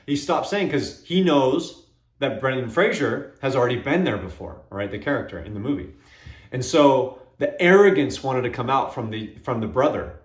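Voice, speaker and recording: A man hosting his own channel, talking reflectively and retelling movie scenes with quick quoted voices. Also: mid-range voice, lively intonation, echoey room. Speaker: channel host. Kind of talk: reflective solo talk to camera.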